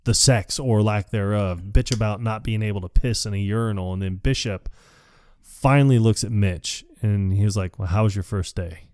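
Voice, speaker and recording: A man's voice: lowish voice, normal speed, darkish tone, no room sound, clean studio sound. A man co-hosting a podcast, casually recapping a comedy film, swearing freely and acting out characters' lines. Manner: profane, acts out quoted lines. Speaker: podcast co-host. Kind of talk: casual movie recap chat.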